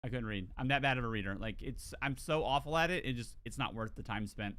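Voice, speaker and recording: A man's voice: medium pitch, fast, bright, forceful tone. A man with a southern US accent, streaming a game and chatting in a rambling, self-deprecating way, full of "like" and "dude". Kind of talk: casual stream chat.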